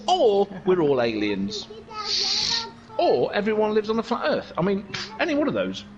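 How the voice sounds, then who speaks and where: A man's voice: sits high, wildly swooping pitch, normal speed, a little mellow, muffled recording, faint music behind. A man commentating on a sim race stream in a casual way, rambling from joke to joke with plenty of swearing. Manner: rambling, joking and sweary banter.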